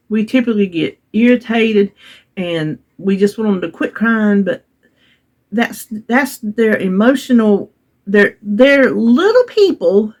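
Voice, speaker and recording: An older woman with a drawl tells a family story to her viewers. Her talk is easygoing and folksy, full of little restarts and soft laughs, as in a casual vlog. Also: fairly high pitch. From United States. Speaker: vlogger.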